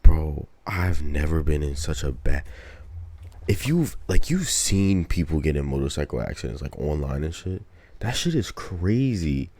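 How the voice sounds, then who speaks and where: Very deep gravelly young man. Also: very animated, a little slow, dark tone, no echo. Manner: slangy, profane storytelling with quoted asides. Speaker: podcast co-host. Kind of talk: casual chat.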